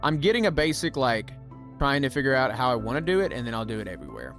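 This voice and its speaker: Very animated and quick, a man with a mid-range, slightly bright voice streams a building game live. He thinks aloud casually, pokes fun at himself, and chats to viewers as music plays behind him.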